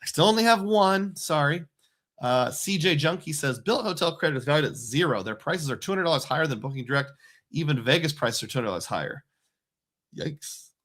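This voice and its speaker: A man's voice: fairly high pitch, lively intonation, a little fast, fairly bright tone. Chatty man hosting a livestream. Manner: chatty, reads out supporter names. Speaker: livestream host. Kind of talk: casual livestream chat.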